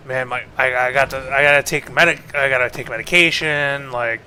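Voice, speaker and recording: A man chatting while he streams a game. His voice is bright and forward, and he rambles through a story packed with swearing and filler words. He jumps in and out of voicing each person in the story as he goes. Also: medium pitch, steady tone, fairly quick, slight background noise. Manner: rambling, profane, leans heavily on 'like'; acts out both sides of quoted exchanges. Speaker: streamer and host. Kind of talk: casual storytelling while gaming.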